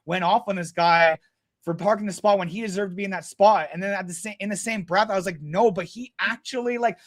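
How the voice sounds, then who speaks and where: A man talking as a podcast guest, telling stories in a blunt, animated way with plenty of swearing. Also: sits high, fast talker. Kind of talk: casual storytelling chat.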